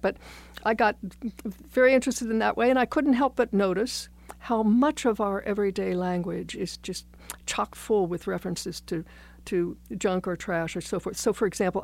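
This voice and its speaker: A woman's voice: mid-range voice, vocal fry, darkish tone. A woman philosophy professor, a guest on a radio talk show, explaining ideas in a reflective, wry, digressive way. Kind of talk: thoughtful conversational explanation.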